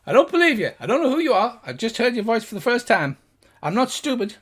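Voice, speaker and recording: A man voicing a panicky, cranky male gnome king who shouts and curses. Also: very high voice, big pitch swings, fast, pitched above the performer's own voice, heavily acted. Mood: agitated shouting. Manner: shouting, gruff, cursing.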